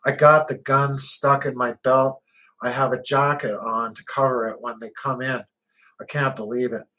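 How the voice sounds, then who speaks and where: A man's voice: medium pitch, little pitch movement, normal speed, sharp tone, rough recording. A man narrating an audiobook in the first person, with gritty, conversational storytelling.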